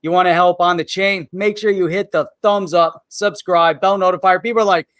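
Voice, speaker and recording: A man's voice: high-pitched, steady tone, brisk, a bit bright, smooth, dry recording, studio quality. A man hosting a live show in a loose, chatty way, often dropping "man" and "you know". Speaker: livestream show host. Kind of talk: casual chat.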